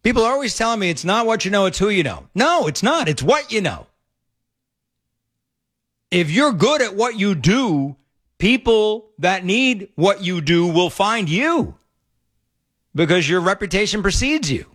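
Animated high-voiced radio host. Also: male voice, moderate pace. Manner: opinionated, animated, laughs often. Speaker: radio talk show host. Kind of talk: talk radio monologue. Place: radio studio.

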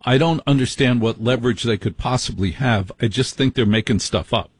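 Male late-night radio host, husky voice, blunt and indignant, dry close sound. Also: medium pitch, fairly quick, no echo. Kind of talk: call-in radio talk.

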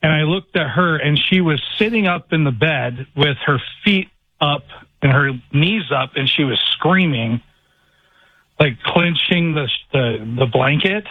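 A male caller tells his story in a rambling, halting way, leaning on "like" and restarting his sentences. His voice sits a little high for a man and comes through a tinny phone line. It sounds close and dry, with no room around it. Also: dry recording. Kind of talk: telling a personal story on a call-in show.

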